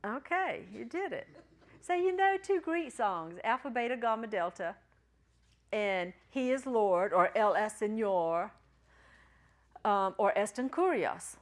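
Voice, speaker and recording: Slow-speaking woman teaching Greek class. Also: mid-range voice, expressive. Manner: chatty, encouraging, jokes with students. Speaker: Greek teacher at a ministry school. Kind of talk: classroom lecture.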